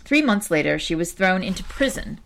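A woman reading a story aloud in a measured audiobook narration. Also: lowish voice, very animated, gravelly, a bit bright.

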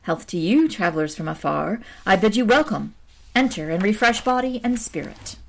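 A woman's voice: medium pitch, animated, normal speed, gravelly, a little hiss or hum. Storybook: kindly young archer, formal archaic diction, read by a woman in her own mid voice. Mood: welcoming.

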